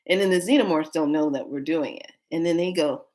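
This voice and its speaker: A woman vlogger telling a story in a casual way, animated and often breaking into laughter. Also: sits low, brisk.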